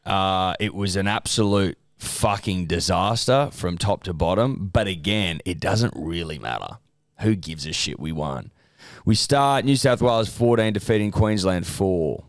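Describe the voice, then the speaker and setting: An Australian man co-hosting a casual betting podcast, blunt and full of mock outrage and swearing. His voice is on the low side and sounds close and dry. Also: animated, unhurried, no echo. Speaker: podcast co-host.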